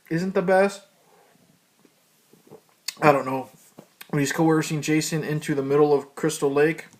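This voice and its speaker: Male reviewer, casual and profane, loose rambling delivery with fillers. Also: a little high. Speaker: movie reviewer. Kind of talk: casual spoken movie review.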